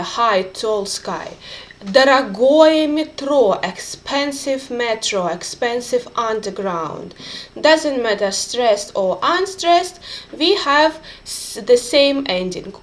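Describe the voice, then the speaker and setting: A woman's voice: sits high, fairly bright tone. A woman teaching a beginners' grammar lesson, carefully spelling out word endings and repeating example words. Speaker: Russian language teacher.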